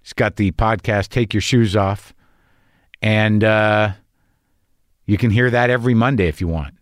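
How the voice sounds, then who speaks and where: An older man on his podcast riffs in a rambling, neurotic, profane comedic way and also chats casually. He speaks a little slowly with a fairly low pitch, in a clean studio recording without room sound.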